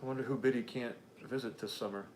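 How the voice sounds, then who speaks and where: A man's voice: mid-range voice, steady tone, fast talker. Male livestream host, blunt and heated, faint hiss in the recording. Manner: blunt and heated, swears freely. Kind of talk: casual political chat reading chat comments.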